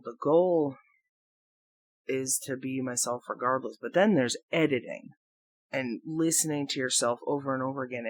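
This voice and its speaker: A man rambling through a reflective solo audio blog into a microphone, halting and questioning himself as he goes, swearing freely. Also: mid-range voice, no echo. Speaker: audio blogger. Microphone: talking into a microphone.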